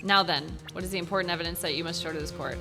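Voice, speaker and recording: A woman reading a stern elderly male judge from a courtroom game, formal and deliberate, over game music. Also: lowish voice, close to an everyday voice.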